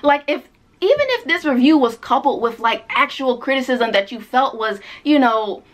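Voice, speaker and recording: Young woman ranting on her book channel, kinda high voice, sarcastic, swears a lot. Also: normal speed. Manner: exasperated, sarcastic, swears freely. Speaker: book vlogger. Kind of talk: ranting vlog commentary.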